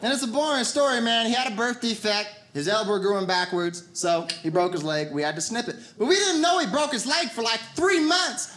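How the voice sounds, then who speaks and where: A man doing a stand-up comedy set, telling animated stories and putting on voices for the people he quotes. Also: extremely high pitch, fairly quick, few pauses. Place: theater stage before a laughing audience. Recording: loud audience noise.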